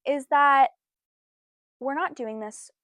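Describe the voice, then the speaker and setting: A young woman co-hosting a casual podcast, animated, laughing often and swearing freely. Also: high voice, slow pace, no echo. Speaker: podcast co-host. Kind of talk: casual chat.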